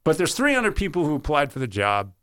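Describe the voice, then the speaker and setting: Brief: middle-aged man, earnest interview storyteller, voice a touch high. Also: fairly quick, smooth. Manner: earnest, animated storyteller who acts out quoted voices. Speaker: sportscaster guest.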